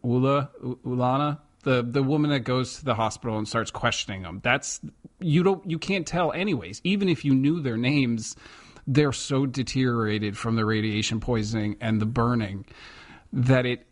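A man co-hosting a podcast in casual chat, talking in an animated way with lots of restarts. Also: medium pitch, moderate pace. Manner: chatty, animated, many restarts. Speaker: podcast co-host.

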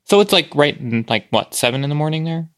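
A man's voice: a little high, expressive, brisk, dry recording, clean studio sound. A man co-hosting a podcast in casual chat, musing aloud in a hesitant way with plenty of fillers. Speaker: podcast co-host.

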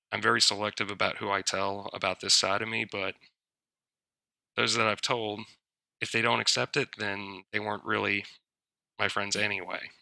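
A man's voice: fairly low pitch, creaky, pushed and bright, dry recording. A man being interviewed on a podcast, talking candidly and a little hesitantly. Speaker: podcast guest. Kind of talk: casual interview chat.

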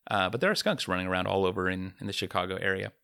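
A man chatting casually as a podcast co-host, relaxed and joking, laughing often. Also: sits low, rapid-fire, creaky, clear, resonant tone, no room sound, studio quality. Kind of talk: casual chat.

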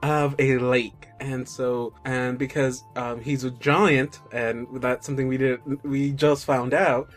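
A man's voice: medium pitch, little pitch movement, takes it slowly, few pauses. Man improvising a story, faint music. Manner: rambling, many uh fillers. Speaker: storyteller in a group story game.

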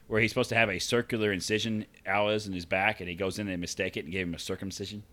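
A man with a rural American accent hosts a crude, casual podcast. His voice sits a little low but has a bright, forceful edge. He reads odd news stories aloud and laughs often as he quizzes his co-hosts. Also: level tone, very fast. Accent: rural American (self-described redneck). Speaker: podcast host reading the news.

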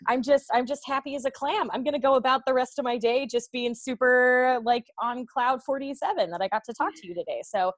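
Effusive higher-voiced woman podcast host. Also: fairly quick, few pauses. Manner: effusive, rambling, many fillers. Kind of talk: casual podcast interview.

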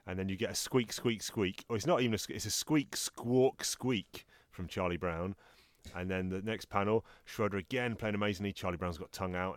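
A podcast co-host with a fairly low voice describes comic strips in a casual chat, reading them aloud and acting out the characters' lines with animation. The recording is dry.

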